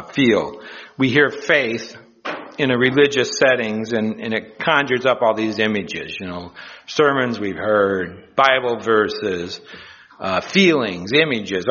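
A man preaching a sermon in a chatty, halting way, telling a joke and drawing a lesson. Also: mid-range voice, a bit bright. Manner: chatty, halting, with many restarts. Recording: dull lo-fi recording.

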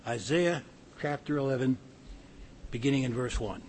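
A man's voice: medium pitch, moderate pace, a little mellow, slight background noise. A man preaching a sermon, reading scripture aloud and adding earnest plain-spoken asides.

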